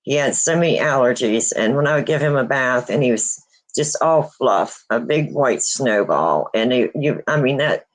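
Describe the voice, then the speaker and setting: A woman hosting a casual livestream, grieving and near tears, speaking haltingly with many pauses and restarts. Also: rumbling low, expressive, low-quality recording. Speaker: host of a paranormal channel.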